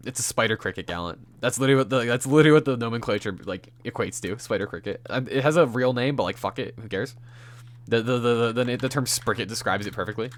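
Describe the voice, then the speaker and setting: A man's voice: mid-range voice, quick pace, slight background noise. A man streaming a game, chatting casually and teasing his friend, swearing and laughing often. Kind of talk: casual chat on a gaming stream.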